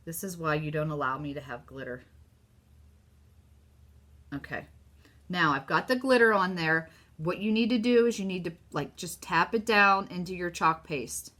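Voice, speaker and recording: A woman with a Southern US accent hosting a casual live craft demo, chatty and excitable as she talks to her viewers. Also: lowish voice, moderate pace. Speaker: craft host.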